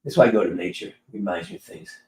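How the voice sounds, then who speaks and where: A man's voice: on the low side, racing. Rambling man in a roomy echo. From California. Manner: rambling, animated storytelling with many restarts. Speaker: live stream host. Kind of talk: casual live-stream chat.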